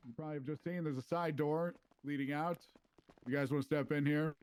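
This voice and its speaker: A man's voice: on the high side, fairly even intonation, fairly quick, darkish tone, clear, resonant tone. A man playing a police trainer, explaining rooms in a casual, instructive role-play walkthrough. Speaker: police trainer giving a station tour.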